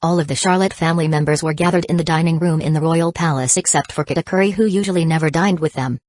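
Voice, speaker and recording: A woman giving steady, scripted narration of an audiobook. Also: sits low, quick pace, dry recording.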